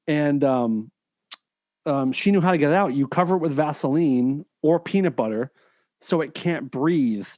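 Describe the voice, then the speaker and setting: A man's voice: fairly high pitch, moderate pace, darkish tone, no echo. A man hosting a podcast, chatting casually with a teasing, dry sense of humor. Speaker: podcast host. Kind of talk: casual chat.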